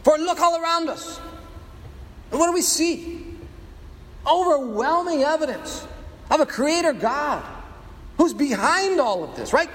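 A man with a strikingly high voice preaching a sermon. He uses slow, weighty pauses and rhetorical questions. His voice carries a long reverb, as in a big hall. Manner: dramatic preaching, rhetorical questions, sound effects. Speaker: pastor.

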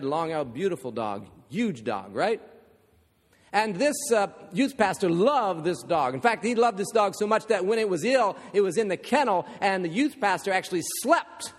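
A man's voice: high-pitched, expressive, moderate pace. A man preaching a sermon, telling a story with rhetorical questions and humorous asides. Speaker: pastor. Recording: long reverb of a large hall.

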